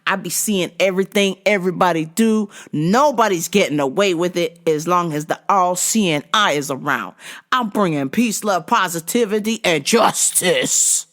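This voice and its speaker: A woman's voice: on the low side, moderate pace, fairly bright tone, natural voice. A woman imitating an eccentric, self-important woman customer who makes grand proclamations and demands attention. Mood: proclaiming.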